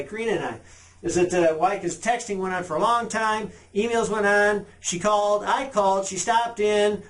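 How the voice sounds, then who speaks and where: A man teaching car sales by texting, talking casually and reading short sample messages aloud with emphasis. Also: high voice. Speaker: sales trainer. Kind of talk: sales training talk.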